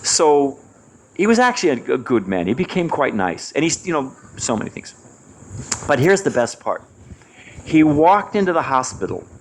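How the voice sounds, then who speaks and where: A man telling a personal story at a devotional gathering, his voice sitting a little higher than most men's and swinging widely up and down as he goes. He acts out the people in the story with quick changes of voice, and there is a faint hum of ambience behind him. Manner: animated, acts out quoted voices. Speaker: speaker at a devotional retreat.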